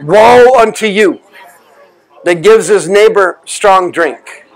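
A man leading a deliverance prayer, forceful and commanding, often shouting. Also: high voice, lively intonation, takes it slowly, low-quality recording. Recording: crowd noise behind.

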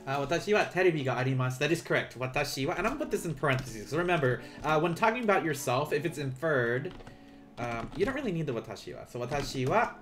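A man teaching a live online language lesson, explaining patiently and repeating phrases slowly for learners. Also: on the high side, animated, fairly bright tone, soft background music.

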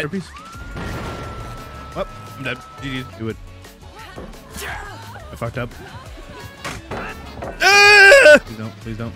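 Animated, swearing male game streamer. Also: on the high side. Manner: profane, loud outbursts and swearing. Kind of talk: live gameplay commentary. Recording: game music underneath.

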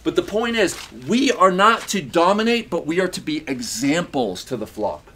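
A man's voice: fairly high pitch, expressive, normal speed, bright, forceful tone, a little hiss or hum. A man preaching a sermon as pastor, emphatic, with repeated phrases and rhetorical questions. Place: church in Uganda.

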